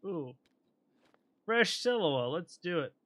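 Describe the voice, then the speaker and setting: A man streaming a game, rambling in casual commentary as he thinks aloud and often clears his throat. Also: sits high, big pitch swings, slow pace, fairly bright tone.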